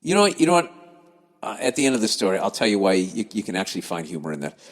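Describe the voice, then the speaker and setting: A man's voice: lowish voice, big pitch swings, very fast, long reverb tail. A man hosting a podcast, reading listener emails aloud and ranting about them in a profane, exasperated, sarcastic way. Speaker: podcast host.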